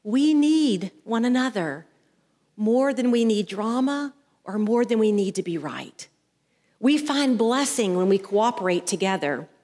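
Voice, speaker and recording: A woman's voice: fairly high pitch, expressive, measured pace, darkish tone. A woman pastor preaching a sermon into a headset mic, telling stories and acting out the voices in them. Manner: storytelling, acts out voices in anecdotes. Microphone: headset mic at the ear. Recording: long hall reverb.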